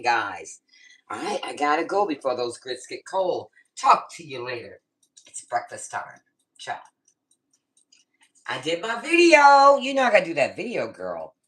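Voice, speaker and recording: Low-voiced middle-aged woman vlogging, super animated, swears a lot, chatting right at the camera. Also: slightly rough. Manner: animated, swears freely, addresses viewers and a friend directly. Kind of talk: casual storytelling vlog.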